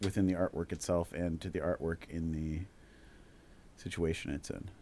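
A man's voice: low-pitched, level tone, normal speed, dark tone, a little hiss or hum. A man co-hosting a casual chat about art, wry and dry, often restarting his sentences.

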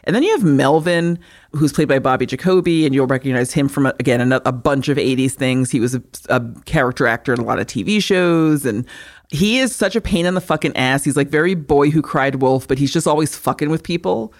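A woman co-hosting a podcast, recapping a movie in casual chat, swearing freely and animated. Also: low voice, brisk. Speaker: podcast co-host.

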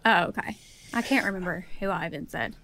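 A woman co-hosting a podcast in casual chat, quick to react and playful. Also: lowish voice, a bit bright. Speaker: podcast co-host.

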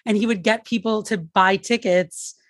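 A woman's voice: mid-range voice, steady tone, moderate pace, dry recording. A woman hosts a casual interview and keeps the talk going with chatty follow-up questions. Her voice sounds dry and close to the mic. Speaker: host.

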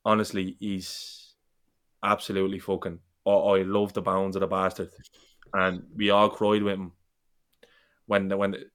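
A man holds forth in a casual football fan chat. His voice sits low and barely rises or falls, even as he gets passionate and rambling. He swears freely as he talks. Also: moderate pace, long pauses, smooth.

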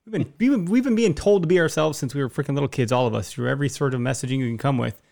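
A man's voice: medium pitch, racing, vocal fry, darkish tone. A man hosting a podcast, giving blunt, profane, fired-up opinions in casual chat. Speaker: podcast host.

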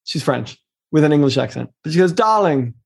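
A middle-aged man, an executive coach, talking casually in an interview, emphatic and expressive, speeding up in bursts and slowing down to make a point. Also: a little high, vocal fry, slight background noise.

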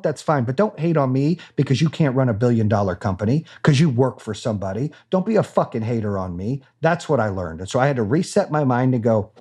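A man's voice: medium pitch, mellow. A man being interviewed as a business owner, talking candidly in a blunt, profane and fired-up way.

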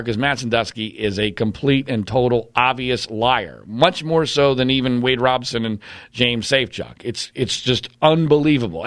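Man, blunt and combative, mid-pitched, dry close mic. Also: fairly bright tone, no room sound. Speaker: commentator. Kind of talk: opinionated monologue.

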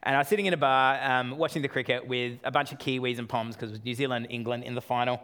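An Australian man in his thirties preaching a sermon with self-deprecating humor, swinging between loud and quiet delivery. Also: mid-range voice, fairly even intonation, quick pace, clear, resonant tone. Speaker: pastor.

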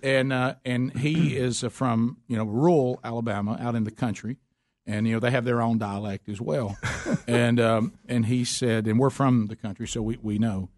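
A man's voice: mid-range voice, fairly even intonation, moderate pace, darkish tone, no echo. A man with a Southern US accent hosting a casual chat, telling stories in a rambling, folksy way and laughing often. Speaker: host.

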